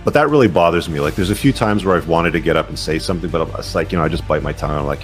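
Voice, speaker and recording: A man's voice: a bass voice, rapid-fire, hardly any pauses, soft background music. A man hosting a podcast who chats casually and uses plenty of fillers. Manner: casual, chatty, lots of fillers. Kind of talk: casual chat.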